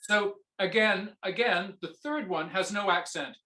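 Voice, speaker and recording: A man coaching a viola student in a masterclass, singing musical phrases between gentle instructions. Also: sits high, moderate pace, few pauses, roomy sound. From Canada. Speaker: viola teacher giving a masterclass.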